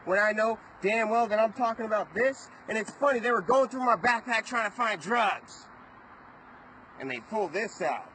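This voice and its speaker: A man's voice: high voice, animated, moderate pace, sharp tone, a little hiss or hum, poor audio. A man vlogging, agitated and rambling as he retells events to the camera, swearing often. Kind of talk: casual storytelling to camera.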